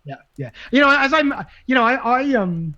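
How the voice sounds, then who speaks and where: Male guest, high-pitched, excitable and emphatic, muffled lo-fi audio. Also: normal speed. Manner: animated, emphatic, repeats words while thinking. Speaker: guest, libertarian messaging expert. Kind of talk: casual podcast conversation. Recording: dull lo-fi sound.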